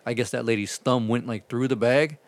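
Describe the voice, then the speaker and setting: A man's voice: mid-range voice, fairly quick. A man telling rambling, profane stories about his delivery driving in a casual chat. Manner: profane, rambling, animated retelling.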